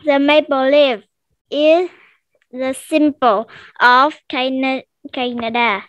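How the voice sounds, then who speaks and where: A woman student shyly reading a text aloud for a test over a headset, slow and halting. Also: high voice, fairly even intonation, no room sound, lo-fi sound. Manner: shy, short answers, slow halting reading.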